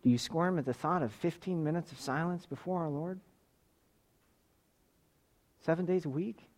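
A man with a high-pitched voice preaching a sermon. He speaks emphatically, pressing his listeners with direct questions. He swings from loud, urgent exhortation to soft, close asides. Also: moderate pace. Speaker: pastor.

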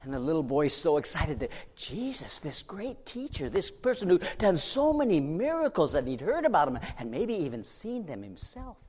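A man preaching, telling a story in an animated, dramatic way. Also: a little high, moderate pace, few pauses, slightly rough. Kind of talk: sermon storytelling. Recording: long hall reverb.

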